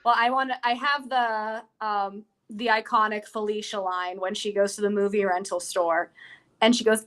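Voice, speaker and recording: A woman on a podcast talks eagerly about a film, retelling its scenes with relish. Her voice sits at an ordinary middle pitch for a woman. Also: fairly even intonation, moderate pace, a bit bright. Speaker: podcast co-host. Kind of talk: casual film discussion.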